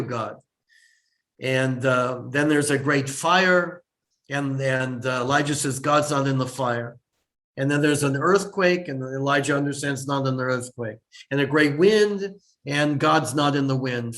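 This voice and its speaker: A man's voice: a little high, a bit bright. A middle-aged man, a rabbi, gives an informal lecture, reading Hebrew lines and explaining them as he goes, with many restarts. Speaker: rabbi teaching a text. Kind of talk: informal lecture on a liturgical poem.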